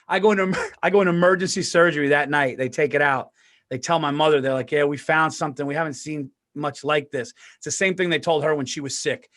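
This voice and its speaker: A man with a high-pitched voice tells a story on a podcast in a loud, animated way. He swears oaths that it is true and acts out the people in it. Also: fast talker. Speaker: podcast co-host. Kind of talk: casual storytelling.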